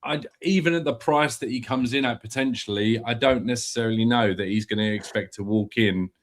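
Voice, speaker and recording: Laid-back man in a fan panel. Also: mid-range voice. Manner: laid-back, measured, swears casually. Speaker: guest panelist. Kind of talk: casual football chat.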